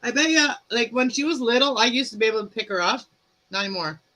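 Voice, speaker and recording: A woman hosts a casual live stream over a webcam. She talks in loose, run-on chat and laughs often, with a bright, clear voice. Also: a little high, animated, fast, rough recording. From Canada.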